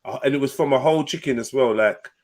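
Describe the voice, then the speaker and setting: A man's voice: medium pitch, fast talker, a little mellow. A young man, chatting casually on a live panel and telling stories in slang with laughs and swearing. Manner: laid-back slangy storytelling, swearing, laughing. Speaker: host.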